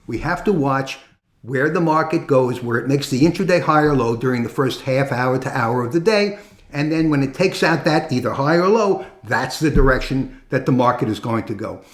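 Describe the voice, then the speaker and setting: A man's voice: medium pitch, lively intonation, normal speed. Man explaining markets in a roomy echo. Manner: conversational, explaining chart levels step by step. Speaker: trading educator. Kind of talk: market analysis talk.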